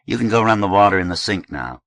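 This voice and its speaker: A man's voice: on the low side, expressive, fast talker, a bit bright, no echo. A man voicing a blunt, curt young male gang leader in an audiobook.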